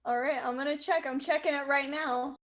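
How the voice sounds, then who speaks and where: A woman guesting on a casual podcast, giggly with quick reactions. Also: high-pitched, steady tone.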